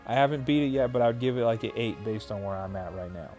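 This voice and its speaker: A man's voice: fairly low pitch, fast, darkish tone, faint music behind. A man hosting a livestream who reads viewer chat aloud and answers in a loose, casual way, with plenty of fillers and restarts. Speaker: livestream host.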